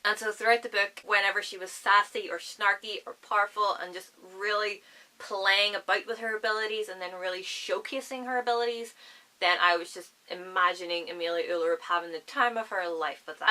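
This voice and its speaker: A woman with a Northern Irish accent talks casually to her camera, chatty and full of asides. Her voice is bright and lively, pitched in an ordinary middle range. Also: poor audio. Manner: chatty, enthusiastic, rambling with asides. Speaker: book vlogger.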